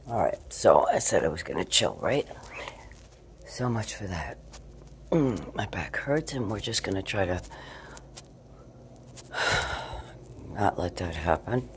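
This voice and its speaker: A woman filming a casual night-time video diary in her apartment, swinging between low murmurs and cooing talk to her cat. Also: very animated, takes it slowly, pauses often, a little hiss or hum. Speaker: vlogger.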